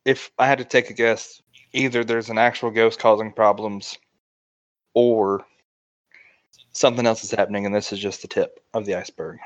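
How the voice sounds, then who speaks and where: A man's voice: on the low side, fairly even intonation, normal speed, long pauses, no room sound. A man who plays a tabletop game and talks in a dry, offhand way. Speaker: player. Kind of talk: casual tabletop play. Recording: dull dry sound.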